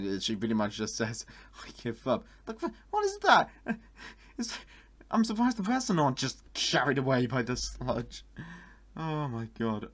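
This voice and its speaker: Excitable young man, lowish voice. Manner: excitable, bursts into high exclamations, laughs often. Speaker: YouTuber reacting to online art. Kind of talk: casual reaction commentary.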